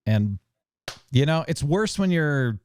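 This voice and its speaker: A man hosting a casual podcast chat, hoarse from screaming, jokey and self-mocking. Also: on the high side, very animated, slow pace, a little mellow, slight background noise. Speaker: show host.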